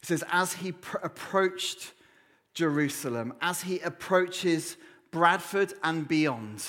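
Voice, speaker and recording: A man preaching a sermon in church, with dramatic pauses and dropping to a low hush on key words. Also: lively intonation. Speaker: pastor.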